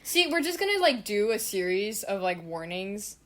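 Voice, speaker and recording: A woman's voice: medium pitch, sing-song, normal speed, a bit bright. A young adult woman, not a native English speaker, co-hosting a casual podcast; she rambles with many hesitations and dry jokes. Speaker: podcast co-host. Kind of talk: casual chat.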